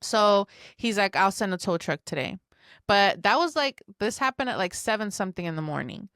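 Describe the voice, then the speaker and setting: A woman's voice: mid-range voice, animated, normal speed, fairly bright tone, no echo, studio quality. A woman co-hosting a podcast, telling a story with emphasis and acting out the dialogue. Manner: emphatic, acts out quoted dialogue. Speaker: podcast co-host. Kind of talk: casual storytelling chat.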